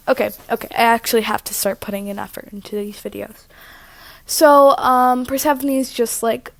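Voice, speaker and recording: A woman's voice: on the high side, level tone, moderate pace, gravelly, dry recording. A woman telling a story in a chatty, rambling vlog, interrupting herself often, recorded on her own mic at home. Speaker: vlogger. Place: living room at home. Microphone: own microphone.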